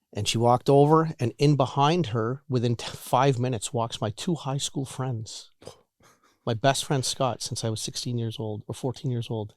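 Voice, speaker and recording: A man in his forties telling his own recovery story in a halting, candid way, often repeating words and restarting. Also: medium pitch, a little mellow, no room sound, studio quality. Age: 40s. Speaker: guest sharing recovery story.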